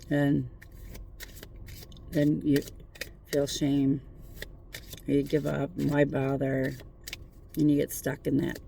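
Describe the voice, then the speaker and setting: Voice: medium pitch, gravelly, mellow, a little hiss or hum. A tarot reader giving a casual spiritual pep talk from a parked car at night, mixing earnest encouragement with swearing and jokes. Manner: profane, joking, earnest encouragement.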